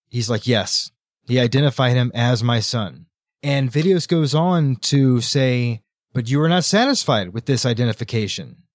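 A man co-hosting a casual book podcast, recapping the plot in an animated way and acting out the characters' lines. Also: mid-range voice, no room sound, clean studio sound. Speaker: podcast co-host.

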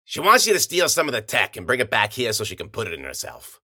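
A gruff fixer who waves everything off in a blunt, dismissive way, as a man reads him. His lines carry a bright, forward tone with lively pitch. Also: quick pace, dry recording, studio quality, full character voice.

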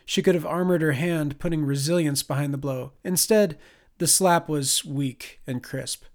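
A man reading a science fiction audiobook as narrator, in a measured, expressive way. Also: a little high. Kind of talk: scripted narration.

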